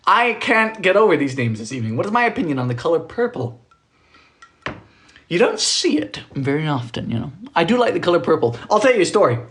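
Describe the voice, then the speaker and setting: A man's voice: fairly high pitch, very animated, fairly quick, a bit bright. A man chatting on a live stream from his home kitchen, reading viewers' comments aloud and cracking jokes as he bakes. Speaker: home baker livestreaming. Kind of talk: casual live-stream chat.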